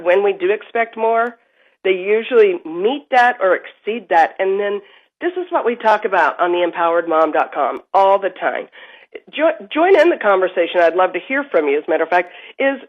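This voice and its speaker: A woman's voice: medium pitch, sing-song, moderate pace. A woman parenting guest giving emphatic, upbeat advice as a remote guest on a morning TV show. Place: Dallas. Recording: lo-fi remote line.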